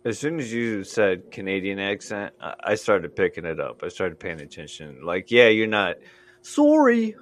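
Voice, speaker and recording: A man's voice: low-pitched, normal speed, hardly any pauses, fairly bright tone. A man from Indiana and Michigan hosting a casual podcast chat, easygoing and hesitant, with many ums. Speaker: podcast host.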